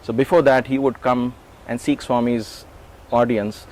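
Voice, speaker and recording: During a conversational interview, a middle-aged man with a medium-pitched voice looks back on his time as an assistant, animatedly performing the quoted dialogue. He speaks at a measured pace. The audio is poor, with a little background noise.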